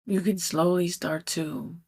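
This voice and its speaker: A young adult woman hosting a solo podcast, talking in an earnest, heartfelt way and slowing down to stress her points. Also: on the low side, fairly even intonation, darkish tone, breathy edge. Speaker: podcast host. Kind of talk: solo reflective podcast monologue.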